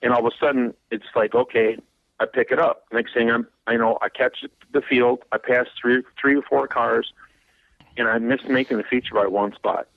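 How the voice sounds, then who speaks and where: A man's voice: medium pitch, fairly even intonation, normal speed, gravelly, no room sound, narrow, tinny audio. A race car driver in his fifties, from Wisconsin, telling a long rambling story in a radio interview, laughing and repeating words as he gets going.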